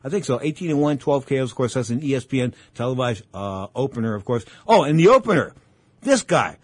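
A man's voice: medium pitch, animated, fast, slightly rough, no room sound. A man hosting a boxing talk show, rambling in casual commentary and repeating himself as he tells fight stories. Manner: rambling, repeats himself, acts out old exchanges.

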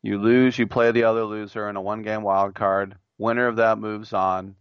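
A man's voice: fairly low pitch, level tone, normal speed, smooth, no room sound, muffled recording. A man hosting a sports talk radio show, reading a listener's idea aloud and then giving his blunt, joking opinions on it. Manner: jokey, mimics imagined voices.

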